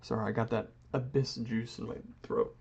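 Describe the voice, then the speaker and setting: A man's voice: mid-range voice, fairly even intonation, normal speed, creaky, darkish tone, husky. A man rambling through a philosophical monologue while he doodles, drifting into mock-grand phrasing. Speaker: vlogger. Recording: dull lo-fi audio.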